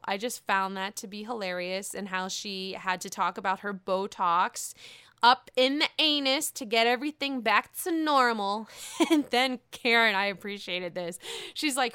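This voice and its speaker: A woman chatting through a gossipy recap with a bright, crisp voice pitched a little high. She laughs often and swears freely. The sound is close and dry. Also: unhurried, no room sound. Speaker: reality TV recap vlogger. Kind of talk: casual commentary.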